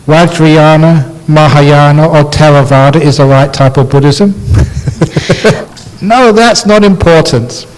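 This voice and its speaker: Slow-speaking monk in an echoing hall. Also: male voice, fairly high pitch. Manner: slow, storytelling, gently humorous. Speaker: Buddhist monk, abbot. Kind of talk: dharma talk. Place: university lecture hall. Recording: reverberant lecture hall.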